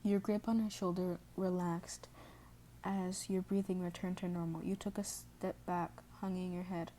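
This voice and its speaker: A woman's voice: lowish voice, flat delivery, measured pace, dark tone, slight background noise. A woman reading a second-person fan story aloud, often stumbling and correcting herself as she goes. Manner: reads with restarts and self-corrections, stops to apologize. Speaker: fan fiction reader.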